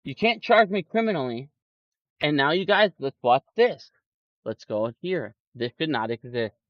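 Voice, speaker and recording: With an animated, fairly high voice and a measured pace, a man who streams about the stock market rants profanely and angrily on his livestream. He mocks anyone he quotes with put-on voices, and the dull lo-fi audio has no room sound at all.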